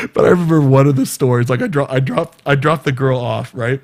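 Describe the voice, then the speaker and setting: A man from California, telling a story in a casual vlog, laughing often and acting out what people said. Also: mid-range voice. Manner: animated, laughs often, acts out quoted dialogue. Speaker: vlogger.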